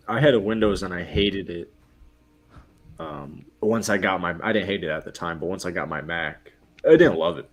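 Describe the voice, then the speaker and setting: A man co-hosting a podcast in easygoing, casual chat. He reacts briefly and laughs along with his partner. His voice sits somewhat low. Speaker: podcast co-host.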